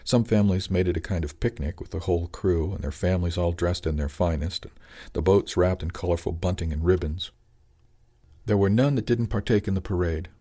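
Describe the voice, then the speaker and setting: Deep-voiced male audiobook narrator. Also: fairly quick, mellow.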